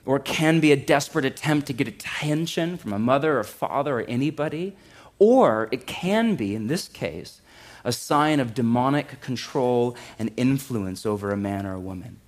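A male pastor preaching a sermon in a relaxed, conversational way, joking and saying "like" a lot, to a live congregation in a church. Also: medium pitch, normal speed.

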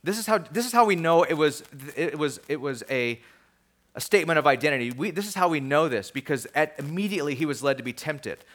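Animated conversational male preacher. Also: a little high, brisk. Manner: conversational, animated, swings between soft asides and emphatic peaks. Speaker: pastor. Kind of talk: sermon.

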